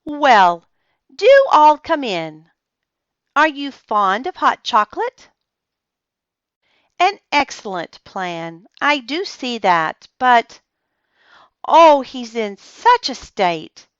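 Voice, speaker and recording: A woman's voice: sits high, sing-song, very slow, long pauses, a bit bright, no echo, dull audio, pitched above the performer's own voice, heavily acted. A woman voicing a gracious, kindly older hostess with a genteel, welcoming manner in a storybook reading.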